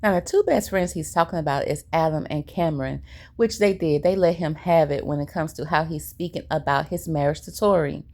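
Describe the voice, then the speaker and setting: A woman's voice: sits low, a little fast, darkish tone. A woman giving a chatty, sassy recap of a reality show and acting out what the cast said. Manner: chatty and sassy, retelling scenes with quoted lines. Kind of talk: casual recap commentary.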